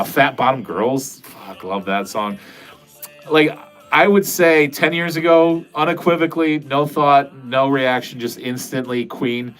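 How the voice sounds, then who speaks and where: A man chats loosely on a livestream from his basement, drifting from one thought to the next and swearing freely. His voice sits at an ordinary middle pitch, with some soft music behind him. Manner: rambling, profane, self-deprecating. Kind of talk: casual livestream chat, reading out comments. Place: home basement.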